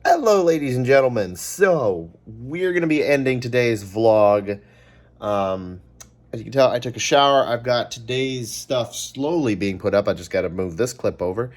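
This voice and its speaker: A vlogger with a Californian American accent rambles through casual chat, often saying "um" and correcting himself. His mid-range voice has lively intonation and a slightly slow pace.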